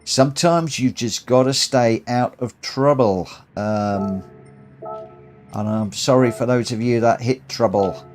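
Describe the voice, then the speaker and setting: A man live-streaming a racing game, tired, chatting excitedly through races and reading out the results. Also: medium pitch, takes it slowly, faint music behind. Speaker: live-stream host and sim racer. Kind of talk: live gameplay commentary.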